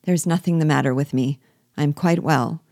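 A woman reading the lines of a distressed young gentlewoman from a classic novel, urgent and anguished, in a low, mellow voice. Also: fairly quick, vocal fry, no room sound, studio quality.

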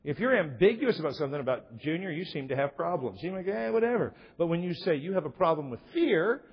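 Lively husky-voiced male pastor preaching. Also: a little high, quick pace. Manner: emphatic preaching with rhetorical questions and quoted scripture. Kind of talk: sermon. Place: church sanctuary. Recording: lo-fi echoey church recording.

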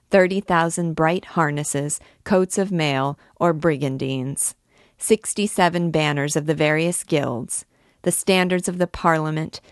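A woman's voice: sits low, no echo, clean studio sound. A woman reading aloud, voicing a brash, swaggering young army captain who boasts and mocks. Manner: boastful, quick, rising to loud outbursts.

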